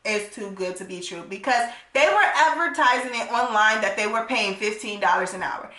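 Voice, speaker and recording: A woman telling a storytime vlog, animated and emphatic, swearing freely and tagging her points with "okay?". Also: mid-range voice, moderate pace, reverberant. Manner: animated, emphatic, profane, tagging lines with 'okay?'.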